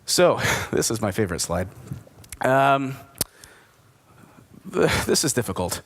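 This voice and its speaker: A man's voice: mid-range voice, big pitch swings, takes it slowly, vocal fry, pauses often. A man giving a conversational conference presentation, enthusiastic and asking his audience questions. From United States. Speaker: distillery speaker at a whisky forum.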